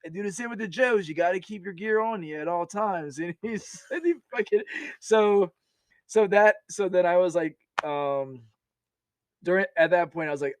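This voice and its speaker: A young man with a slightly high voice tells army stories as a podcast guest, full of laughter, false starts and quick asides. The sound is dry and close, with no room ring. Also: no echo. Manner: animated, laughs often, many restarts. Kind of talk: casual storytelling.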